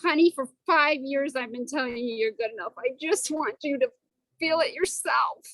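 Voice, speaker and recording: Woman, high voice, dry close sound; affectionate, emotional encouragement on a video call. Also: moderate pace, sharp tone, dry recording, rough recording. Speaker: study group participant.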